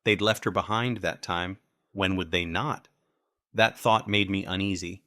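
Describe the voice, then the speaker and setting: Deep, forceful male audiobook narrator. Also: steady tone, measured pace, no room sound, clean studio sound. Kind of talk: first-person audiobook narration.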